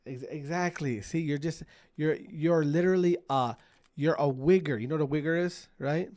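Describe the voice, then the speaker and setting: Fairly high-pitched and a little mellow, a male streamer talks at a moderate pace over gameplay. He swears at his teammates in repetitive rants during casual commentary, backed by the game's gunfire.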